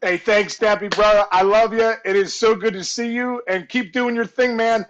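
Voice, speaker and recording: A man on a video call telling a story in casual chat, animated and acting out voices and shouts as he goes. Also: sits high, normal speed, highs cut off. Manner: animated, acts out voices and shouts in his stories. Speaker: guest storyteller, former ballplayer.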